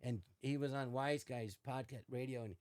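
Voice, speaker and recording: Older male guest, lively anecdotal storyteller, mid-pitched. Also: normal speed. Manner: animated anecdotes with quoted voices. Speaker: podcast guest. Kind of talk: casual storytelling.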